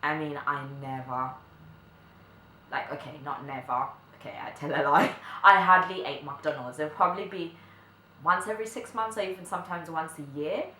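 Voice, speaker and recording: A young woman, telling a story to camera in a chatty way, full of filler likes and quick laughs. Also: low voice, sharp tone. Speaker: vlogger. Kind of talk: casual storytime chat. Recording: echoey room, faint background noise.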